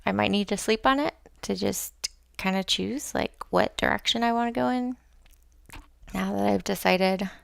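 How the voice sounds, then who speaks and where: Casual gravelly-voiced woman streamer. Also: medium pitch, moderate pace, no room sound. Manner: rambling, self-talk, swears, drops to whispers. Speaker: streamer painting live. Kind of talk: casual livestream chatter while painting.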